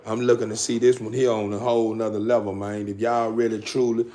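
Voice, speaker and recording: A man's voice: lowish voice, level tone, brisk, dark tone, a little hiss or hum. A man hosting a casual livestream to his viewers, talking in loose, repetitive street slang with frequent stammers. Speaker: dog-breeding channel host.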